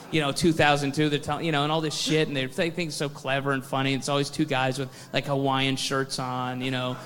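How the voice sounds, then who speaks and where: A man's voice: a little high, sharp tone. A man doing a stand-up routine, ranting profanely and laughing at his own lines. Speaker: stand-up comedian. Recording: stand-up clip with long hall reverb.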